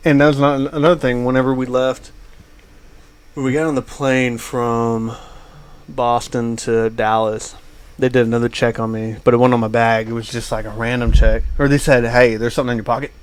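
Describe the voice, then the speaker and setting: A man's voice: medium pitch, flat delivery, normal speed, clean tone. Man telling a rambling travel story. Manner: rambling anecdote with many fillers. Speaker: podcast co-host. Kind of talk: casual storytelling chat.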